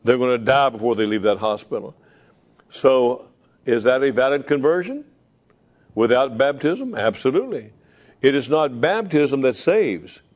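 A middle-aged man preaching as a pastor, emphatic and slowing down to repeat key phrases. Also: mid-range voice, animated. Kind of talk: sermon.

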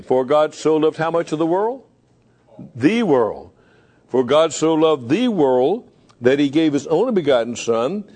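A middle-aged man preaching as a pastor, emphatic and slowing down to repeat key phrases. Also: a little high, a little mellow. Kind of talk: sermon.

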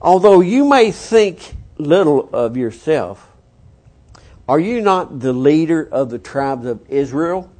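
A stern old prophet who demands answers and rebukes sharply, as a preacher voices him. The man's voice sits rather high and is pushed hard on the scolding words. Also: sing-song, slow, a little mellow, full character voice. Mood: rebuking.

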